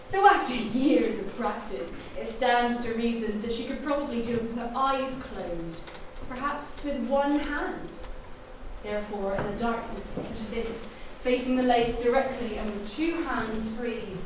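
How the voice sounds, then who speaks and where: Heard distantly in an echoey theatre, a woman with a fairly high, everyday-sounding voice portrays a self-assured young amateur sleuth unmasking the killer on stage. Her explanation of the crime is theatrical and deliberate, with background noise throughout.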